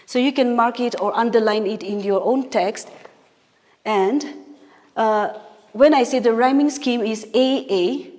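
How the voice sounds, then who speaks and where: A woman teacher giving a patient poetry lesson, explaining step by step and correcting herself as she goes. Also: fairly high pitch. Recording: long reverb.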